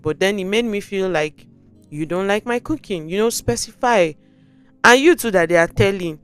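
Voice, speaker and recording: A Nigerian woman hosting a podcast, giving relationship advice in an animated way and acting out sample conversations. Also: fairly low pitch, clean tone. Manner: animated, acts out sample dialogue, mixes in pidgin. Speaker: podcast host.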